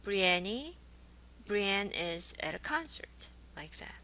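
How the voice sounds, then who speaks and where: A woman's voice: mid-range voice, very animated, slow pace, bright, forceful tone, rough recording. A woman teaching a college language class, explaining grammar patiently and modeling example sentences. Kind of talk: recorded classroom lecture. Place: college course recording.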